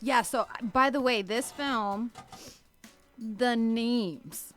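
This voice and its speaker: A woman's voice: a little high, slow, a bit bright, soft background music. A woman hosting a radio show, chiming in with short reactions during casual chat. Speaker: host. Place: radio studio.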